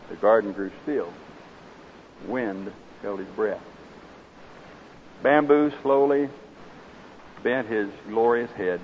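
A man's voice: on the low side, takes it slowly, long pauses. A man with an Oklahoma accent preaching a sermon, folksy and conversational, then reading a parable aloud. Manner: folksy, conversational and direct with listeners. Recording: slightly dull with faint hiss.

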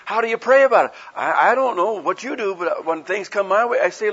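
A man's voice: high voice, expressive, fast talker, a bit bright, slightly rough. A man preaching a sermon in a folksy, conversational way, asking his listeners rhetorical questions and acting out the people he quotes. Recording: dull lo-fi recording.

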